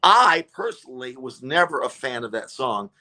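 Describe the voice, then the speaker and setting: A man's voice: medium pitch, normal speed. A comedian telling a story in casual chat, acting out the people he quotes. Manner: animated, acts out quotes. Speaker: comedian guest.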